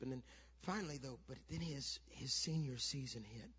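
A middle-aged man pastor preaching a sermon, telling a story that builds to shouted preaching. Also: medium pitch, moderate pace, breathy edge. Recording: dull lo-fi sound.

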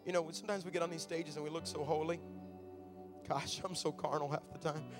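A man preaching in a high, urgent voice, moving from intimate confession to loud, fervent declaration. Worship band music plays steadily under him. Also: steady tone, a little fast. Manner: impassioned preaching that builds to loud fervor. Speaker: pastor. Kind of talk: sermon.

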